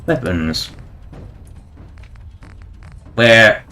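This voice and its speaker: A man's voice: fairly low pitch, expressive, extremely slow, bright, forceful tone, soft background music. A man streaming a game, giving casual, rambling commentary with wry asides and chuckles.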